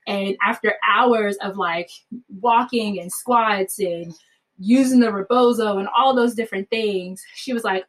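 A woman telling a personal story in a chatty, animated way, full of fillers and frequent laughs. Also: medium pitch, unhurried, poor audio. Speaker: mother telling her birth story.

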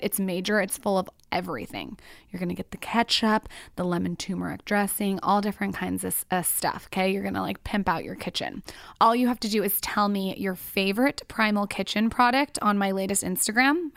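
A woman's voice: medium pitch, vocal fry, fairly bright tone, no room sound. Brief: bubbly female podcast co-host, casual chatter, dry studio sound. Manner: chatty, bubbly, says "like" often.

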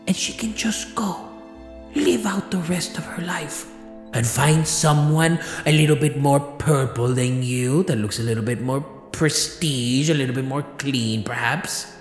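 A man's voice: mid-range voice, echoey room, in a large hall, close to an everyday voice. A man voicing a vain, melodramatic companion who wails theatrically and guilt-trips. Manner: theatrical, swings from wailing to wounded guilt-tripping.

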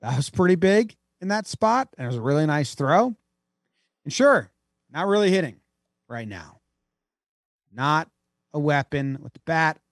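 A man co-hosting a podcast, bantering casually about baseball in an animated, jokey way. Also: a little high, a little slow, pauses often, dry recording, studio quality. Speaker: podcast co-host. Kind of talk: casual sports chat.

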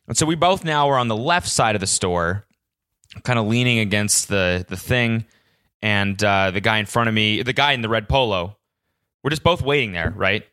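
A man's voice: lowish voice, normal speed, pushed and bright, clean tone, no room sound, studio quality. A man hosting a solo podcast, telling a story as an exasperated rant full of swearing. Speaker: podcast host.

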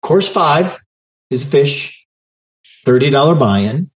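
A man hosting a podcast in casual chat, with a teasing, deadpan sarcastic manner. His voice swings widely in pitch as he jokes. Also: slow pace. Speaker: podcast host.

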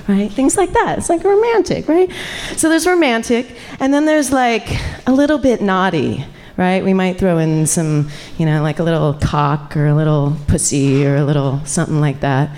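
A middle-aged woman, a sexuality educator, telling a story live to an audience in an animated way, laughing and chatting with the crowd. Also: lowish voice, moderate pace.

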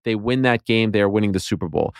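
A man's voice: fairly low pitch, quick pace, no room sound, studio quality. A man in his late thirties, a podcast guest in casual sports chat, talking with passion and building into rants. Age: late 30s. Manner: passionate, rants with rising intensity.

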